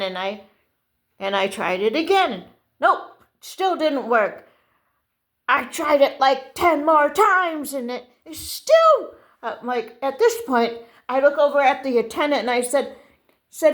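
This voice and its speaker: An older woman telling a casual rambling story to camera, halting and restarting often. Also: medium pitch, animated. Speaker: vlogger.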